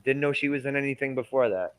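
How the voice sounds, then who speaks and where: A man's voice: mid-range voice, fast talker, clear, resonant tone, low-quality recording. A man co-hosting a casual movie podcast, rambling and crude, with frequent laughs. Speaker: podcast co-host.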